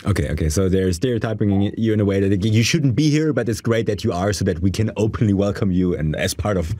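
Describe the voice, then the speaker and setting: Man, interviewer, halting speech, dry close sound, low voice. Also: dark tone, no room sound. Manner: halting, many restarts and repeated words. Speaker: interviewer, podcast host. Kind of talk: conversational interview.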